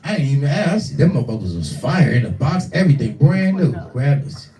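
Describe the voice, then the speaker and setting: Foul-mouthed 40s guy doing standup, mellow voice, echoey room, mic kinda far off. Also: a little high, a little fast. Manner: profane, animated, acts out voices in his stories. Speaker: stand-up comedian. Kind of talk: live stand-up storytelling. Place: small live venue.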